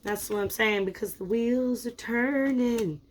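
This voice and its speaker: Female tarot reader, fairly high voice, teasing and chatty, faint noise behind. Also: unhurried. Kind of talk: casual tarot reading.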